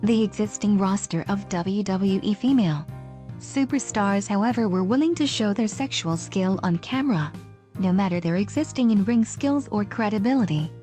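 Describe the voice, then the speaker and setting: A woman host calmly narrating a scripted setup. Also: medium pitch, normal speed. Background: faint music.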